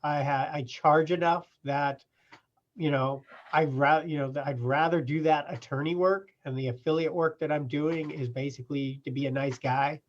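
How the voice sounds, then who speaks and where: A man's voice: on the high side, steady tone, normal speed. A man in the process-serving business telling stories from his work in a plain-spoken, casual way, full of "you know". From California. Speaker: process server and business owner. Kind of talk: casual interview storytelling. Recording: muffled lo-fi remote audio.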